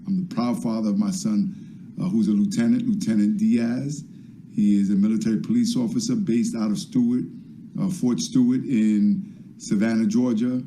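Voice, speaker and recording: Man with a deep, warm, dark tone; earnest patriotic address over a video call. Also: a little hiss or hum, poor audio. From the Bronx, New York. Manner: earnest, patriotic, with fillers and restarts. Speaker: borough president. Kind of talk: speech to a virtual event.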